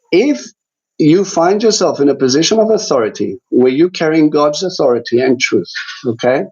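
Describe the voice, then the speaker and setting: A man's voice: mid-range voice, a little mellow, dull audio. A man teaching an online Bible study in a chatty way, with many fillers and restarts.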